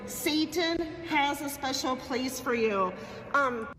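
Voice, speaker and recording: A woman's voice: sits high, slow, a bit bright, faint music behind. A woman with a Minnesota accent, a state representative, filming a hesitant report on her phone in an indoor hall. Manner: plain, hesitant, with many ums. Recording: echoey hall phone recording.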